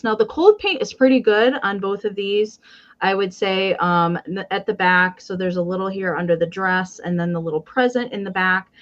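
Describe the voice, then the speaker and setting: Woman, live sale host, casual and chatty, detailed descriptions, muffled lo-fi audio. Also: mid-range voice. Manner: chatty, detailed item descriptions, frequent ums. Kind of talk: casual live-stream selling.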